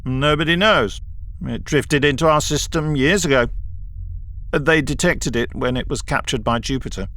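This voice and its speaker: A man's voice: mid-range voice, moderate pace, fairly bright tone, pitched above the performer's own voice, close to an everyday voice. A man voicing an arrogant male scientist who speaks loftily and impatiently. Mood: scornful. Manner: lofty, impatient, sneering.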